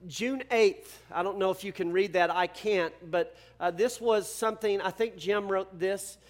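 High-voiced man, hesitant intro. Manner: hesitant, filler-heavy. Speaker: speaker introducing the testimony. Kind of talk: casual introduction.

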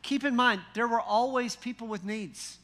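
A man preaching a sermon in a folksy, animated way, full of rhetorical questions and wry humor. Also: extremely high pitch, normal speed. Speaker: pastor.

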